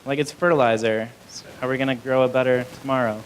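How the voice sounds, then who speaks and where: A man's voice: medium pitch, fairly even intonation, fast talker, a little hiss or hum, poor audio. A young man doing a live stand-up set in a small club, rambling and self-deprecating, with many fillers. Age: young adult. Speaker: stand-up comedian.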